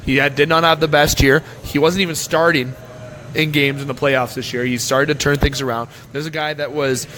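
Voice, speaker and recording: A man's voice: fairly high pitch, steady tone, moderate pace, bright, forceful tone, a little hiss or hum. A Canadian man hosting a casual hockey talk show, rambling and opinionated as he breaks down the teams. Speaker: sports talk show host. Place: restaurant. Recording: faint music behind.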